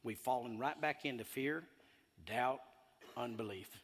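A man preaching a sermon, animated and emphatic, drawing in the congregation. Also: mid-range voice, unhurried, slightly rough, long reverb tail.

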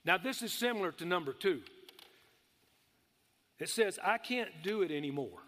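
A man preaches with a high, ringing voice. He presses his points hard, asks the room for amens and slows right down on the words he wants to land. The sound carries a long reverb from the church hall. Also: expressive, fairly bright tone. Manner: emphatic, calls for amens, drawls key words slowly. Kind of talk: sermon.

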